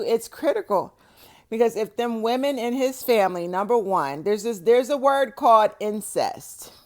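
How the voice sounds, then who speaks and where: Blunt, profane woman giving big-sister advice. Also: medium pitch. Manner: loud and heated when stressing warnings. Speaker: vlogger and support group organizer. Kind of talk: blunt advice talk to viewers.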